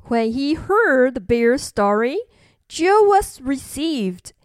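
A woman narrating a bilingual children's story with slow, expressive, sing-song delivery, recorded close to the mic. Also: sits high, clean tone, no echo.

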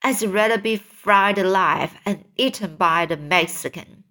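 A woman's voice: medium pitch, lively intonation, measured pace. A woman reading aloud as a worried old male grasshopper from a storybook.

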